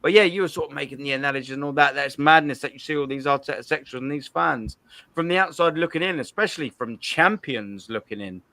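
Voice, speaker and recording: A man's voice: fairly high pitch, quick pace, bright, forceful tone, dry recording. A young man hosting a football call-in show, chatting casually in slang with lots of restarts. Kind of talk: casual chat.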